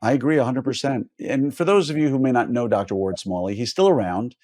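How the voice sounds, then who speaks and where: A man hosting an interview podcast, mid-pitched and chatty. He piles on praise and restarts his sentences as he goes. The sound is dry, with no room around it. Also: a little fast, dry recording. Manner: warm, effusive introductions with fillers. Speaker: podcast host.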